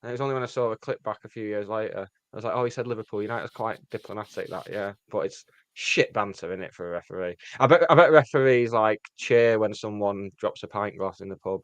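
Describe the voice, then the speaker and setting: A man's voice: lowish voice, no room sound. Brief: man on a fan podcast, jokey and rambling, dry studio-close voice. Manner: jokey, rambling, quick asides. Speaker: podcast co-host. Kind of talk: casual chat. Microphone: podcast mic.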